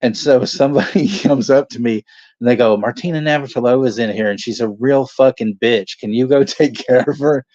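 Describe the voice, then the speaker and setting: A man's voice: medium pitch, fairly quick, darkish tone, no room sound. A man telling casual anecdotes on a watch party stream, laughing often and swearing freely. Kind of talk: casual storytelling chat. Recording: dull lo-fi dry sound.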